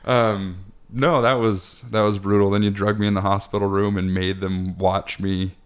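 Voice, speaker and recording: Man, podcast host, fairly low voice, profane, laughing, rambling storyteller. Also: level tone, normal speed, smooth. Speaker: podcast host interviewing his father. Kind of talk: casual chat, family storytelling.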